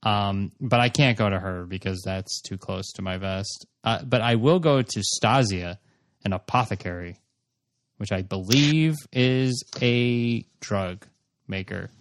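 A man's voice: on the low side, unhurried, no echo. A man playing his character in a tabletop game, bumbling and hesitant. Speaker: player.

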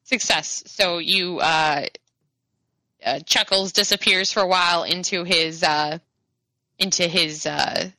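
A woman narrating as game master of a tabletop game, pausing often with fillers as she describes the action. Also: on the low side, pushed and bright, dry recording, poor audio. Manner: halting, many filler pauses.

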